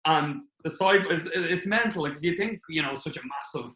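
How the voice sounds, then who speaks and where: An Irish man, a comedian, telling stories in a casual podcast chat, animated and swearing freely. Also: a little high, moderate pace. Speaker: comedian guest. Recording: roomy echo.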